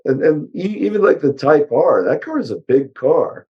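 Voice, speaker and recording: An older man, a car engineer, chatting bluntly and ramblingly as an interview guest, his voice hoarse. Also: fairly high pitch, very animated, normal speed, dull audio. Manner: blunt, rambling, with many fillers. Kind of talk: casual interview chat.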